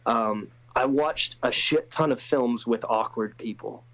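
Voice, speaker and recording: Man, actor guest, mid pitch, hesitant, restarts, self-mocking, casual interview. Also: measured pace, a bit bright, poor audio.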